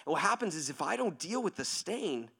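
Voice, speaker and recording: Animated, high-voiced preaching man. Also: fairly quick, gravelly, husky. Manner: animated storytelling, acting out quoted voices; conversational, keeps asking "right?". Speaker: pastor. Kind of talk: sermon.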